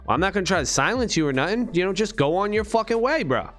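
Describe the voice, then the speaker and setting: A man's voice: high-pitched, very animated, fast talker, fairly bright tone, soft background music. A man talking to his channel in a rambling, profane monologue full of rhetorical questions. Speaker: crypto vlogger.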